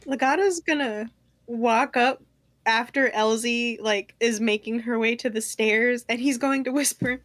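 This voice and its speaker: A woman's voice: fairly high pitch, measured pace, dry recording. A woman player in casual tabletop banter, playful and teasing. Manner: playful, teasing, laughs a lot.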